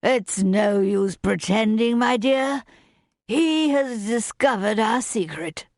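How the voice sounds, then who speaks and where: A woman voicing a drunken, lecherous young gentleman with a slurred, drawling delivery in an audiobook. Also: fairly high pitch, animated, slow, creaky, dry recording, clean studio sound, voice pushed up, heavily acted. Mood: smug.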